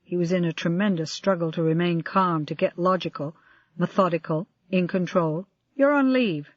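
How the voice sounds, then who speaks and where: An audiobook narrator reading a crime novel in an even, measured way. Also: medium pitch, no echo. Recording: dry, slightly dull lo-fi audio.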